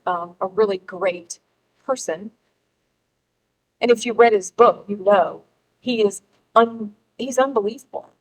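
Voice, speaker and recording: A middle-aged woman speaking to a live crowd, emphatic and rallying, with pauses for effect. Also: fairly high pitch, low-quality recording. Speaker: speaker at a political gathering. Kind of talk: public speech to a live audience.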